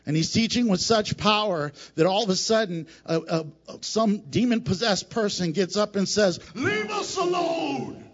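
High-pitched male pastor, animated sermon with acted-out scenes, dull lo-fi church recording. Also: moderate pace, few pauses. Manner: emphatic and repetitive, asks the congregation questions, laughs at his own jokes.

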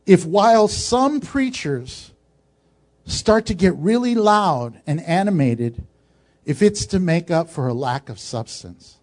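A man's voice: high voice, animated, slow pace, darkish tone. A male pastor preaching a sermon in a conversational way, with joking asides.

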